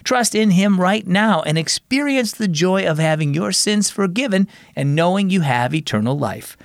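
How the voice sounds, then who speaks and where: A man's voice: high voice, lively intonation, normal speed, gravelly, no room sound. A man hosting and narrating a children's devotional story program in an upbeat, friendly way, recorded on a close studio mic. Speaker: host and narrator.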